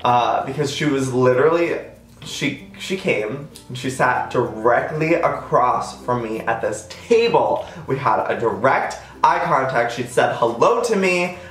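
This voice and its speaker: A man in his twenties telling a personal story in a chatty, self-mocking way, acting out quotes in a sudden high voice. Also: animated, a little slow, a bit bright, roomy sound. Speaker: vlogger. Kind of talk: casual storytime.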